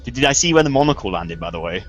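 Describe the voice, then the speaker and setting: A man's voice: medium pitch, sing-song, very fast, dull audio, slight background noise. A man playing a tabletop game, describing his actions in a hesitant, stammering way. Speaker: player. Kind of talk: tabletop role-play.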